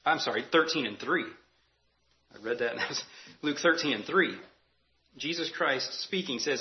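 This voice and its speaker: A man's voice: medium pitch, lively intonation, normal speed. Earnest preaching man, slightly muffled. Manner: earnest, emphatic preaching that repeats key phrases. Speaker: pastor. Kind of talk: sermon.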